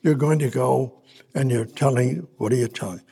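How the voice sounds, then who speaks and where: A man's voice: mid-range voice, normal speed, creaky, warm tone, slightly rough. A man preaching a sermon in a casual, conversational way, reading scripture aloud and often restarting his sentences.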